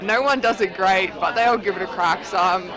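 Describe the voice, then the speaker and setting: A woman's voice: mid-range voice, a little fast, crowd noise, low-quality recording. A young woman with an Australian accent, a college basketball player chatting casually in an interview. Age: young adult. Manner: casual, chatty, says "like" often. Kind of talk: interview soundbite.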